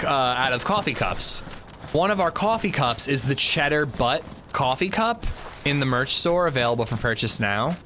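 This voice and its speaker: There's a little hiss or hum behind this fairly high-pitched man, who hosts a gaming livestream. He chats casually while playing, telling stories in a lively, joking manner.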